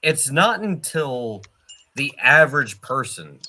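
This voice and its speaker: A man co-hosting a casual chat, thoughtful and measured. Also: medium pitch, lively intonation, bright, forceful tone. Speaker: podcast co-host.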